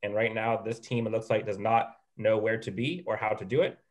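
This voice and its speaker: A man's voice: lowish voice, steady tone, a little fast. Guy talking blunt and firm, straight shooter. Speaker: podcast guest.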